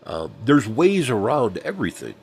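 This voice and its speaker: A man's voice: mid-range voice, wildly swooping pitch, normal speed, a little mellow, a little hiss or hum. A middle-aged man, rambling through a casual vlog monologue with many ums and restarts. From Southern United States. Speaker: vlogger.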